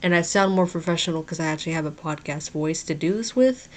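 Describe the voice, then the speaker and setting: Slightly hoarse, chatty young-sounding woman. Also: deep voice, quick pace. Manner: chatty, restarts sentences, nervous on camera. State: losing her voice. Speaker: podcaster. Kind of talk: casual video review and rambling sign-off.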